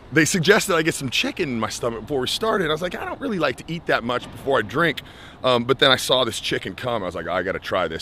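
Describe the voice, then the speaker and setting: Animated young American man telling a story. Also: medium pitch, a little hiss or hum. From United States. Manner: animated, acts out quoted voices. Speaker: life skills coach. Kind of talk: storytelling vlog advice.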